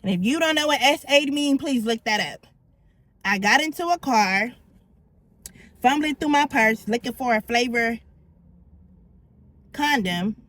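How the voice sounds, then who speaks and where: A woman's voice: on the high side, lively intonation, measured pace, long pauses, a bit bright, dry recording. A middle-aged woman vlogger telling her own story in a candid, blunt and slangy way. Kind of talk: confessional storytelling.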